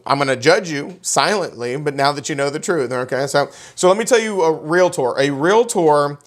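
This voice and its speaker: Brief: male instructor, smooth clear voice, folksy and joking with the class. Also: fairly high pitch. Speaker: real estate instructor. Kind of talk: classroom lecture.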